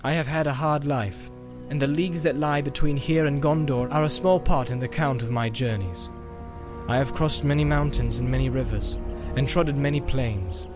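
A man voicing a weathered, solemn ranger in a read-aloud story. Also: close to an everyday voice. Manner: low, measured, solemn. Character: weathered grave ranger man, calm heir.

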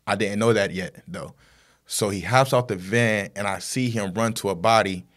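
A man's voice: fairly low pitch, moderate pace, fairly bright tone. A man talking as a guest, telling a story in a rambling casual way with lots of fillers and tag questions.

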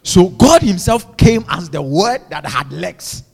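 A male pastor preaches fervently in a church, urging the congregation to repeat after him in call-and-response. His voice sits high with big pitch swings, slow delivery, vocal fry and a breathy edge, trailed by a long reverb tail.

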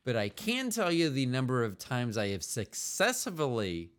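A man's voice: mid-range voice, wildly swooping pitch, moderate pace. A man co-hosting a podcast, chatting casually with his partner in a rambling, joking, self-deprecating way. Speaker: podcast co-host.

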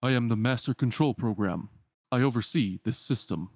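A man voicing a stern computer control program that gives flat, formal warnings. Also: medium pitch, moderate pace, dry recording, studio quality, lightly acted.

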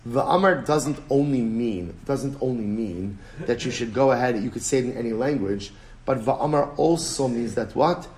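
Man, rabbi, Talmud lesson, animated, emphatic, repeats key phrases, mid-pitched voice. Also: normal speed, slight background noise. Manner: animated, emphatic, repeats phrases, switches between English and Hebrew-Aramaic terms. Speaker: rabbi teaching daily Talmud page. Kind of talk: Talmud lecture.

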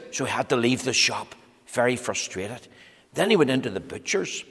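A man reading a storybook aloud to children in an animated, dramatic manner, talking to them directly. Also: mid-range voice, normal speed, husky. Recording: echoey hall reverb.

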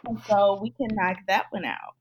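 A woman's voice: mid-range voice, fairly even intonation, normal speed, lo-fi sound, a little hiss or hum. A woman co-hosting a casual podcast. She is easygoing and laughs often as she reads letters aloud. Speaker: podcast co-host. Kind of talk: casual chat.

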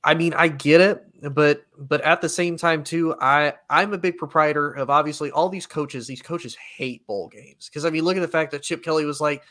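A man's voice: a little high, fairly even intonation, normal speed, few pauses, fairly bright tone. A man co-hosting a sports talk show, rambling easily through his points in a casual debate. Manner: rambling, frequent fillers and restarts, easygoing.

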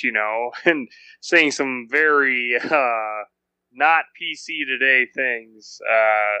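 A man's voice: medium pitch, slow, sharp tone, smooth, no echo, muffled recording. A man co-hosting a casual podcast, rambling and joking with lots of fillers. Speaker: podcast co-host.

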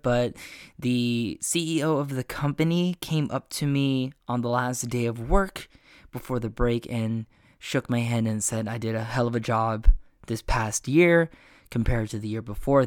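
A man's voice: mid-range voice, fairly even intonation, moderate pace, clean tone, no echo, studio quality. Congested man rambling casually. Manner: rambling, frequent restarts. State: congested, nasal from flu. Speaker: podcast host. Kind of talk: casual personal update.

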